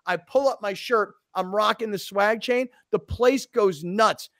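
An excitable male sports radio host spins a story with lots of energy. His voice sits fairly high, and the sound is dry and close. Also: measured pace, no echo. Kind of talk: casual sports talk storytelling.

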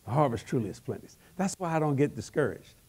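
An older man with a drawl preaches in a voice that rides high and swings wide in pitch. He breaks into loud shouts and chuckles between his lines, and his grammar stays folksy and plain. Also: quick pace, creaky, slightly rough. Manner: animated, shouting bursts, laughing asides, folksy grammar. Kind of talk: lively comic sermon. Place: large church hall.

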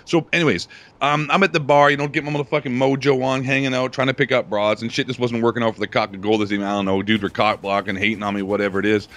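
Fast-talking profane young man. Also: mid-range voice, fairly even intonation, a bit bright. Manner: profane, rambling, laughs often. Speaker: podcast host. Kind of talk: crude casual storytelling.

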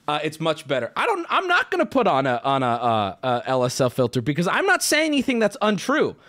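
A man's voice: a little high, huge pitch swings, fairly quick. A man in his late twenties, a streamer, ranting heatedly and swearing in casual talk on his own stream, recorded on a studio mic with a noise gate. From United States. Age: late 20s. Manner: heated, swearing, shouting at times.

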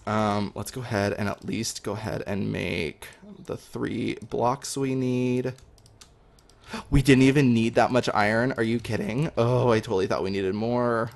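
A young man talking through his game as he plays, chatty and excitable, with lots of ums. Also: fairly low pitch, normal speed, gravelly. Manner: excitable, chatty, many fillers. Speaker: gaming video host. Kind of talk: live gameplay commentary.

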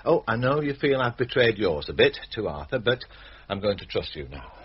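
An actor playing a middle-aged village doctor, dry and sardonic, irritated at being called out at night. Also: male voice, on the low side, very animated, fairly quick, slightly rough, lo-fi sound, heavily acted. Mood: weary.

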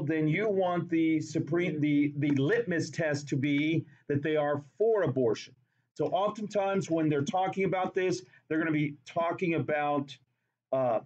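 A man's voice: on the high side, highs cut off. A man teaching a chemistry class in a classroom, talking playfully and repeating words for emphasis. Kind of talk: classroom lecture.

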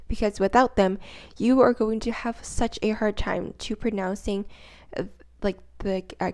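Slow-talking woman giving a casual tutorial. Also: medium pitch, a little mellow. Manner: rambling, filler-heavy, repeats words for emphasis; sounds out syllables and tones slowly. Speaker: language-learning vlogger.

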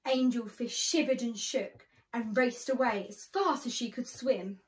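A woman reading a picture book aloud to children, slow and expressive with a sing-song lilt. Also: on the high side. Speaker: children's storyteller.

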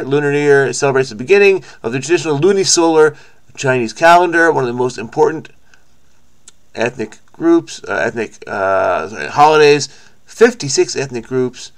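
A man hosting a crossword video, thinking aloud in a frenetic, rambling way, with frequent restarts and stammers. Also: mid-range voice. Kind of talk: casual think-aloud commentary.

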